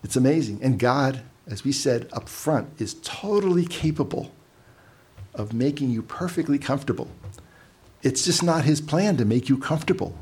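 A man's voice: medium pitch, lively intonation, moderate pace, darkish tone, breathy edge. A man giving a casual, conversational sermon, telling stories with asides and repeating words as he goes. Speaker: preacher.

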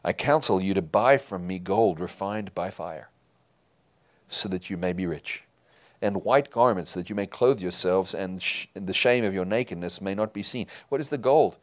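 A man preaching a sermon to his congregation, emphatic, rising loud and falling quiet. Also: on the low side. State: tearful while reading scripture. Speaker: pastor.

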